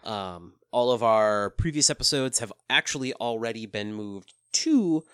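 Podcast co-host, mid-pitched voice, chatty, acts out quotes, dry close sound. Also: expressive, measured pace, a bit bright, smooth, no echo. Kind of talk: casual chat.

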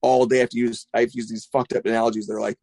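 A middle-aged man who runs a skate shop, chatting casually on a podcast, rambling and profane, with animated retellings. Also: medium pitch, rapid-fire, no room sound.

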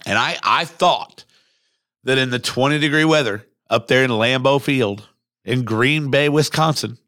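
A man hosting a sports podcast, talking casually in a rambling, excitable way with some swearing, recorded at a microphone. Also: medium pitch, a little slow, no echo, clean studio sound. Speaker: podcast host. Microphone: studio microphone.

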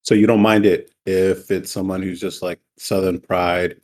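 A man with a lowish voice, chatting casually as the host of a sibling podcast. He jokes and teases often, and he is recorded at home over a voice chat call. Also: flat delivery, normal speed, darkish tone. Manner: joking, teasing, laughs often. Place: home, separate rooms.

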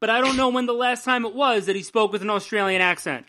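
A man's voice: high-pitched, fast talker, pushed and bright. Young man, podcast co-host, chatty, swears a lot, rambles and riffs on jokes. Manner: rambling, profane, jokey. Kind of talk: casual comics news chat.

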